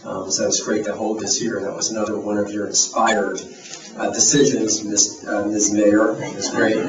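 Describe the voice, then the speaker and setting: A man's voice: fairly low pitch, little pitch movement, normal speed. Chatty man speaking in a roomy hall. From New Jersey. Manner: chatty, self-deprecating, many fillers and restarts. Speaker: university president. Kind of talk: informal welcome speech. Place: reception in a large hall. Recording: roomy hall, mic at a distance, noisy.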